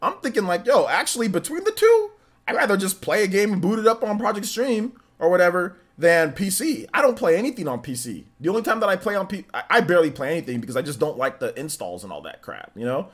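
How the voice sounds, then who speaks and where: A man's voice: high-pitched, very animated, fast. A young adult man hosting a live-stream Q&A in casual chat, rambling and talking to his chat. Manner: rambling, restarts, talks to chat.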